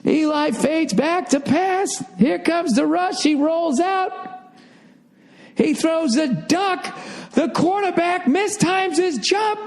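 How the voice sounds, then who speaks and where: A man playing an over-the-top football play-by-play announcer, shouting and stretching out his calls. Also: very high-pitched, slow pace, pitched above the performer's own voice, exaggerated voice. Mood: frantic.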